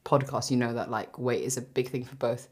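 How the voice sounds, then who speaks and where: Young woman, low voice, chatty podcast host, swears a lot, tells stories. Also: brisk, husky. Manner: animated storytelling, swears freely. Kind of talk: casual chat.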